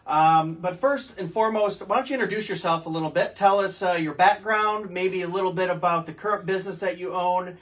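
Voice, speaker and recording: Man, host, higher pitch, upbeat, casual intro. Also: a little fast, few pauses, fairly bright tone, far from the mic, poor audio. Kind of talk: casual chat, show intro.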